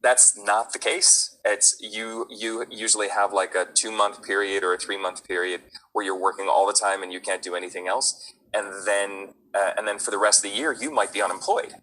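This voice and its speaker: A man's voice: on the low side, steady tone, normal speed, sharp tone, slight background noise, poor audio. A man, a voice actor chatting casually, with many fillers and restarts. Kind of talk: casual chat.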